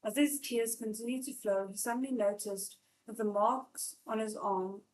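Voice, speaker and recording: A woman's voice: on the high side, fairly even intonation, normal speed, darkish tone, rough recording. A woman hosting a live read-along of a novel, narrating steadily with frequent small slips and restarts. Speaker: channel host and reader.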